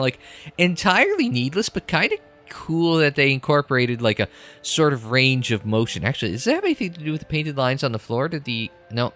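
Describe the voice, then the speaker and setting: Man, game commentary, sarcastic and sweary, lively pitch, bright tone, faint music behind. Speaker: let's play commentator. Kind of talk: gameplay commentary, reading dialogue aloud.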